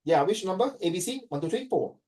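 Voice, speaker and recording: A Singaporean man teaching a class, animated and switching between languages as he acts out stories. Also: high-pitched, fast, far from the mic. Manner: animated, code-switching, acting out quoted dialogue. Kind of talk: classroom talk to students.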